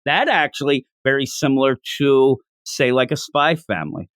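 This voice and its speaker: Brief: male podcast co-host, mid-pitch, dry close sound, lively manga recap with acted-out lines. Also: normal speed, smooth, no room sound. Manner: animated, acts out character lines while recapping. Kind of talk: casual manga review chat.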